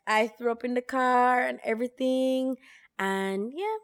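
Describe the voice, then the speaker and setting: This podcast co-host has a clear, resonant voice on the high side and speaks a little slowly. She tells stories animatedly in relaxed conversation, slipping into patois and quoting people in their own voices.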